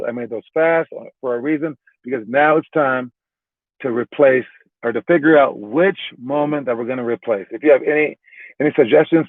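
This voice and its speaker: A man runs through basketball drills in an easygoing, talky way, stumbling and restarting and tossing in "all right" between points. His voice sits at an ordinary middle pitch. The sound is thin and phone-like, with a dry, close feel. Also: no room sound. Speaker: basketball trainer. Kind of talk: casual explaining and ranking.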